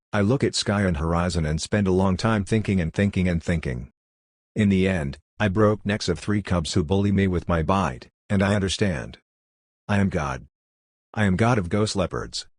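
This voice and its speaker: Guy reading a wild girl raised by leopards, flat broken english, cold as anything, dry sound. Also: low-pitched, slightly rough, dry recording. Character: girl raised by ghost leopards, blunt, calm, ruthless. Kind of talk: audiobook character voice.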